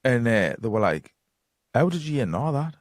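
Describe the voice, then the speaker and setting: Here the podcast guest, a psychic medium from North East England with a Geordie accent, sounds very animated in a mid-range voice at a moderate pace. He rambles through long, casual anecdotes thick with fillers and quoted dialogue. There's no echo, just clean studio sound.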